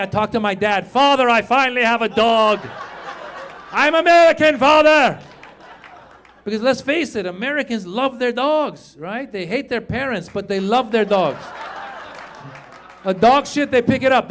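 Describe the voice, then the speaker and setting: A middle-aged man from Iran doing stand-up comedy on stage, animated and shouting his punchlines while acting out the people in his stories. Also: very high-pitched, normal speed, a little hiss or hum. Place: comedy stage before a live audience.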